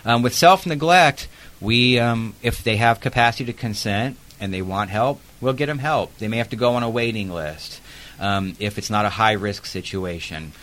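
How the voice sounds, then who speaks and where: Guy with a bright forceful voice, chatty investigator spinning a story, lots of ums. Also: fairly low pitch, moderate pace. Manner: chatty, lively storyteller with frequent fillers. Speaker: protective services investigator. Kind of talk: casual interview storytelling.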